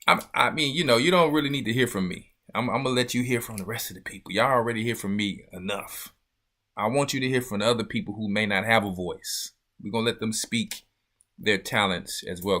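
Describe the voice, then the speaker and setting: A man hosting a casual church livestream, chatting loosely and joking with his viewers. His voice sits on the low side but comes across bright and forceful. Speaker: church elder and show host.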